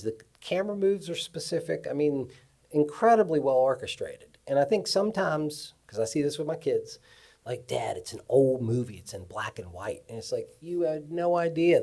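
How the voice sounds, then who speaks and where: A man on a cinematography panel, telling lively stories from his career at a live festival event. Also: medium pitch. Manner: animated storyteller. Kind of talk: anecdotal panel talk.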